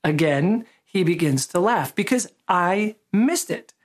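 A man's voice: sits high, a little slow. Male pastor, conversational sermon, easygoing storyteller who pokes fun at himself. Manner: relaxed storytelling, self-deprecating humor.

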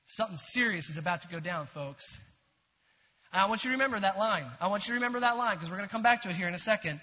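A man preaching a sermon, earnest and animated, dropping to a whisper for quoted lines. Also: high voice, rapid-fire, in a large hall, highs cut off, slight background noise. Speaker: pastor.

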